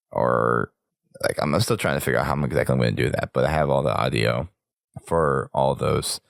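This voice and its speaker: Man, hoarse from illness, very low voice, casual podcast host, rambling. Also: dry recording, studio quality. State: sick, hoarse voice.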